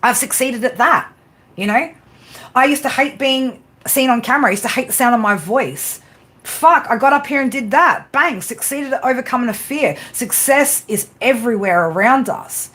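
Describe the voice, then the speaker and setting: A woman hosts a casual livestream, giving her viewers a pep talk. She is blunt and swears constantly, tagging her sentences with "right?" and "you know?". Her voice sits a little high. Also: lively intonation, normal speed, a bit bright. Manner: blunt, swears constantly, frequent tag questions. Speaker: tarot reader and livestream host.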